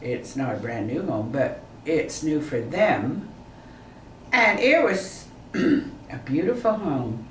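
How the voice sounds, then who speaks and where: Older woman, casual rambling chat, low-ish voice, distant echoey recording with faint hiss. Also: very animated. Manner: rambling, halting, with frequent laughs. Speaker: mother chatting with a companion. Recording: roomy echo, distant from the mic, faint noise.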